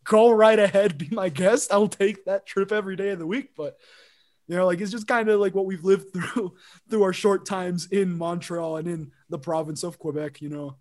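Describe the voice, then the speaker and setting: Young man, high voice, podcast co-host, casual rambling chat, heavy fillers, swearing. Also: steady tone, moderate pace, darkish tone. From Colombia.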